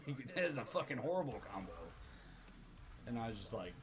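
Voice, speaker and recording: A man in his thirties hosting a livestream, telling a story in a loose, profane, animated way. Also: mid-range voice, a little fast, noisy background. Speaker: livestream host. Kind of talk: casual storytelling to a live chat.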